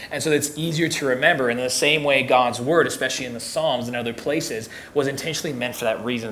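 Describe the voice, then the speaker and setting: A man's voice: medium pitch, a bit bright, a little hiss or hum. A young man teaching as a youth pastor in a casual, joking way, often repeating words as he restarts sentences. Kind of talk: casual teaching talk to teens.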